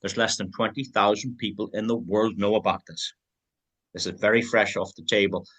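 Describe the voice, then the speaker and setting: A man's voice: on the low side, steady tone, moderate pace, fairly bright tone, breathy edge. A man giving an online sales presentation, upbeat and persuasive, talking straight to his viewers and chuckling as he tells stories.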